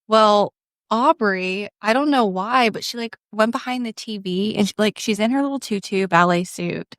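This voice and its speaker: A woman co-hosting a podcast, telling a family story in an animated, casual way with lots of fillers. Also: medium pitch, normal speed, dry recording, clean studio sound. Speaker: podcast co-host.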